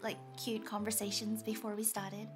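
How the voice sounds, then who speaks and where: A woman's voice: mid-range voice, monotone, normal speed, over music. A woman hosting a stream, chatting playfully with frequent stammers, teasing and laughs. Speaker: streamer host. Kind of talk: playful casual chat.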